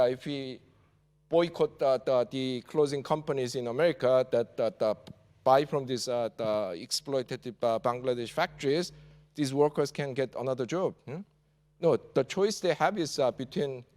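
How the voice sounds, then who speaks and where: A man's voice: medium pitch, a little mellow. A man from South Korea with a Korean accent gives a university lecture in English. He talks with many "uh" fillers and ends points with a questioning "yeah?". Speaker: guest lecturer. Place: large lecture hall. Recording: reverberant lecture hall.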